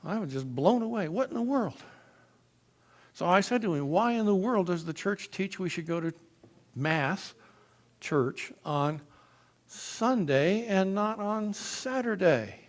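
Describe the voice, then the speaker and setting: A man with a somewhat high voice telling his personal conversion testimony to a church congregation. He talks in an animated, storytelling way and grows emphatic on key points. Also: measured pace.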